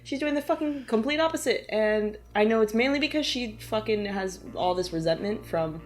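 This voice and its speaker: A woman's voice: fairly high pitch, animated, moderate pace, soft background music. A woman co-hosting a true-crime podcast, reacting bluntly and swearing often in casual chat. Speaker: podcast co-host.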